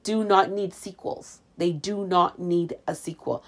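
A woman's voice: lowish voice, moderate pace. A woman from Canada chatting casually to camera in a sarcastic, ranting way, in a room with the windows open. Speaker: vlogger. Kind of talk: casual chat.

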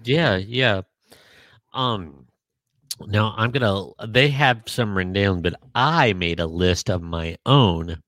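A man co-hosting a podcast in casual chat, joking dryly and pausing often with ums. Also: on the low side, a bit bright, dry recording. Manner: dry joking, hesitant with many ums. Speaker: podcast co-host.

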